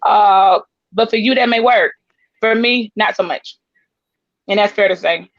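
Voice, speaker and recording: A woman hosting a casual talk show, blunt and teasing, quick to laugh, on dull lo-fi audio. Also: mid-range voice, no room sound. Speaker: show host.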